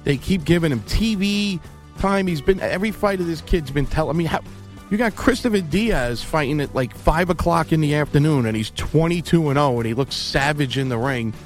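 Man, slightly higher voice, blunt emphatic delivery, casual podcast chat, faint background music. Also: animated. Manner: blunt, emphatic, rapid opinions. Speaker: boxing podcast co-host.

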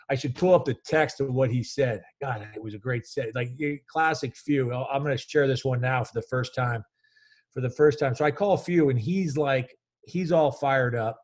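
A man in his fifties, a college basketball coach, telling stories in an energetic, rambling way with many restarts. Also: medium pitch. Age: 50s. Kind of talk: casual storytelling interview.

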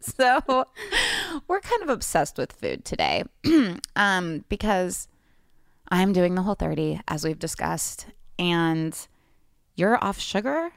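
Woman host with a lisp, sarcastic and playful, lower voice, close dry mic. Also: sing-song, takes it slowly, creaky, no room sound. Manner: sarcastic, jokey, laughs a lot. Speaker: podcast host. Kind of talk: casual chat. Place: podcast studio. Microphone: studio mic.

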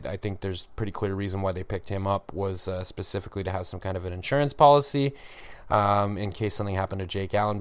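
A man's voice: low-pitched, dry recording. Wry, candid male hockey podcast host. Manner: candid, wry, self-deprecating, with frequent fillers. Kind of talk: solo sports podcast commentary.

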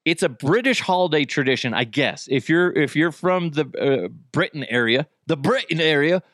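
Casual male podcast host, lively swooping voice, dry close mic, laughs a lot. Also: a little high, normal speed, no echo. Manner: goofy, laughs a lot, jokey. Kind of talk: casual chat.

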